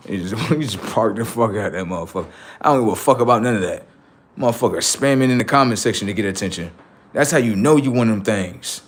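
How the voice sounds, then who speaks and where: A young man live-streaming, doing brash, profane, mocking banter with his chat. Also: medium pitch. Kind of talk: casual live-stream commentary.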